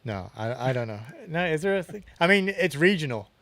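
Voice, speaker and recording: A man from England co-hosting a podcast, relaxed and laughing easily as he chats. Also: on the high side, a little fast, no room sound. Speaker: podcast co-host. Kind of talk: casual chat.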